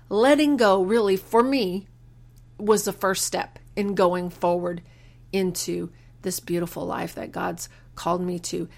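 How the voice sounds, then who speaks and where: A woman's voice: mid-range voice, creaky. Female podcast host with an earnest, sermon-like delivery, mid-range voice, stops and restarts when moved. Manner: earnest, preacherly, quotes scripture with slow emphasis. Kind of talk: faith-based personal reflection.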